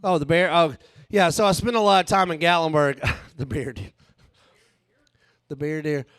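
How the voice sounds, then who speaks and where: A man's voice: a little high, moderate pace, fairly bright tone, clear, resonant tone, no room sound, clean studio sound. A man doing a rambling, crude stand-up set on a live stage, laughing at his own jokes. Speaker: stand-up comedian and author.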